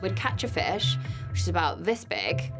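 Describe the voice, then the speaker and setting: A woman's voice: lowish voice, very animated, normal speed, over music. Frank, emphatic woman in a confessional interview. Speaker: contestant.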